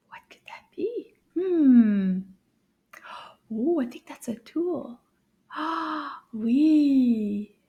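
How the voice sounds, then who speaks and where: A high-pitched woman leads a children's lesson at a very slow, deliberate pace. She draws each word out for young learners, cheers them on, and often slips into soft whispers between words. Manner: slow, drawn-out word modeling with frequent soft whispered asides; encouraging, praising the listener. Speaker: French teacher for kids.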